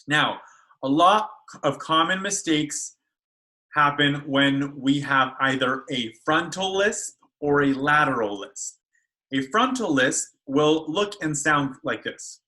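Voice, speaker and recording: A man's voice: on the high side, animated, slow pace, pushed and bright, rough recording. A man speech therapist teaching children how to make speech sounds in a video lesson, carefully modeling each sound. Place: school.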